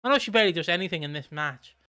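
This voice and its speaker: A man's voice: high-pitched, lively intonation, rapid-fire, sharp tone, clear, resonant tone. A man co-hosting a casual wrestling review podcast, rambling with lots of fillers and the odd swear word. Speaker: podcast co-host.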